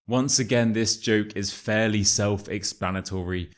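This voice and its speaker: Low-voiced British man teaching English. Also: expressive, a little slow. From United Kingdom. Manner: joking, matter-of-fact, with British slang. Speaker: English teacher, YouTube host. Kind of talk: casual video lesson.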